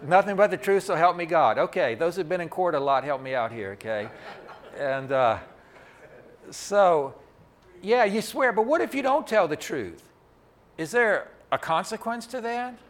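Here a male pastor with a slightly high-pitched voice gives his Sunday sermon over a microphone in the sanctuary, his intonation lively and his pace moderate. He keeps things homespun and chatty, often breaking off to speak straight to the people in the pews.

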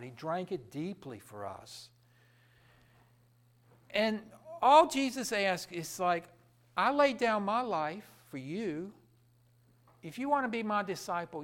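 A man preaching a sermon with fervour, asking the crowd questions and answering them himself, swinging from loud emphatic peaks to low quiet drops. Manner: fervent, rising to loud emphatic peaks then dropping low.

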